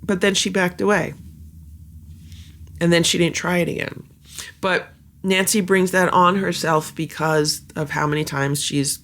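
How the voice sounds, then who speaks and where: A cat vlogger chatting casually at home, halting with many fillers and slipping into soft baby talk with the cats. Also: medium pitch, vocal fry. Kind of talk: casual vlog chat.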